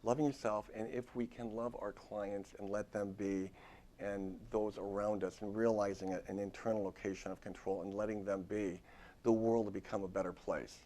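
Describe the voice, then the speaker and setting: A man's voice: lowish voice, level tone, normal speed, warm tone. A man who is a therapist gives an informal workshop talk in a university lecture room. He speaks conversationally and often restarts his sentences.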